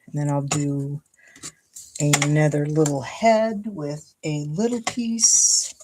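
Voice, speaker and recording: Deep-voiced and slow, an Ohio, USA, woman hosts a casual crafting livestream, with background noise behind her. She chats and thinks aloud as she cuts and glues to make a paper card.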